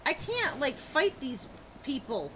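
Flustered woman streamer, slow and lively. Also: sits high. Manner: flustered, exclaiming, swears. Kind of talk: live gameplay commentary. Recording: live stream audio with background noise.

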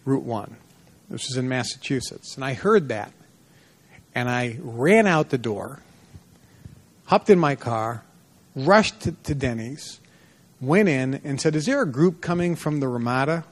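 A man giving a motivational seminar lecture to a live audience, telling personal stories and acting out the dialogue in them. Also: medium pitch. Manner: animated storyteller, acts out dialogue in a lively voice.

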